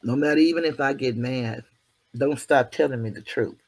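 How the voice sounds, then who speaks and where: A man's voice: mid-range voice, normal speed. Guy preaching life lessons on his vlog, earthy, swears a little, pokes fun at himself. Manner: preachy, earthy, self-deprecating, mild cursing. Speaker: channel host. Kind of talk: motivational monologue to viewers.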